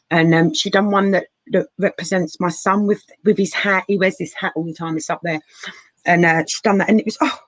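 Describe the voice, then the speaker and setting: A tarot reader with a fairly low-pitched voice chats through a live reading from her living room sofa, calling viewers darling and honey. The recording is dry and low in quality.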